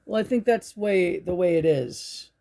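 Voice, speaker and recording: Halting, rambling woman telling a story. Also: fairly low pitch, gravelly, dark tone, a little hiss or hum. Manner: halting, restarts often, swears while telling a story. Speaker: channel host. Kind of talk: rambling spiritual storytelling monologue. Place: indoors at home.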